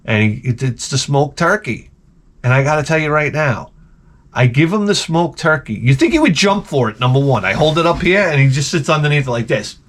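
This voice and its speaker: A man hosting his channel, telling comedic stories in an animated, profane, exaggerated way. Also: on the high side, a little fast. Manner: animated, profane, exaggerated, jumps into quoted voices. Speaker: channel host. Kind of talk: casual comedic storytelling rant.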